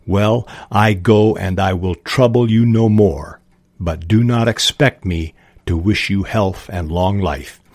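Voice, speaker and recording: A fallen old wizard, bitter and proud, speaking slow and hushed from a book passage, read by a man. His voice sits low and dry, close to the mic. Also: no room sound, exaggerated voice. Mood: bitter, cold.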